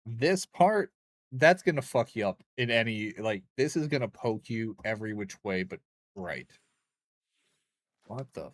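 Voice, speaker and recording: A man's voice: medium pitch, animated, unhurried. A young man streaming a game, rambling and joking with chat in a loose, crude way. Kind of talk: casual gaming stream chat.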